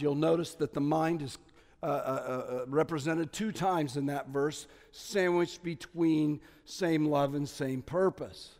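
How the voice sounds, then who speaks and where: A man preaching a sermon as pastor, stressing key words loudly and dropping to quiet asides. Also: a little high, a little slow, vocal fry, big-room sound. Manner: emphatic, swings between loud stresses and quiet asides.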